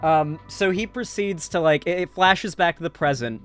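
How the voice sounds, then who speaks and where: A man's voice: a little high, normal speed, a bit bright, faint music behind. A man giving casual, sarcastic commentary, profane and full of fillers and restarts. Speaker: online commentator. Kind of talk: casual political commentary, recapping a movie.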